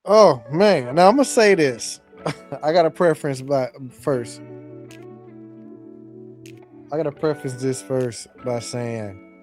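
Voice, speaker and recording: A male reaction host speaking slowly in a relaxed, measured way, with a mid-range voice. Faint guitar music plays behind him. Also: mid-range voice. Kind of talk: casual commentary.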